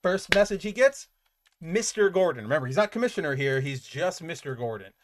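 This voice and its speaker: A man hosting a comic book podcast, recapping an issue in casual, animated chat, filling his talk with "like" and swearing freely. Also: on the high side, fairly quick, slight background noise.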